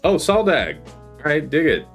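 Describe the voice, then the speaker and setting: Man, streamer host, casual chat, lively swings in pitch, faint music behind. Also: moderate pace, gravelly. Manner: animated, chatty while gaming.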